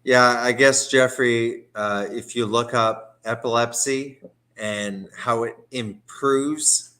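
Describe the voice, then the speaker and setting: A man's voice: mid-range voice, steady tone, slow, bright, forceful tone. A man on a live-stream video call, rambling and swearing angrily, sounding sedated from medication. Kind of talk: heated live chat.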